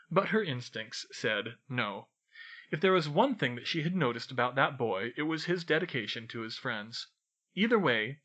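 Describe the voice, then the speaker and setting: A man reading fan fiction aloud in steady storytelling narration. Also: medium pitch. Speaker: audiobook reader.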